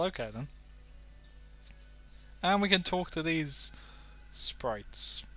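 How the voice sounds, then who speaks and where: A man's voice: a little high, expressive, drawn-out words, pauses often, bright, forceful tone, soft background music. A young British man casually commentating a game, playful and self-mocking. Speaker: let's play host.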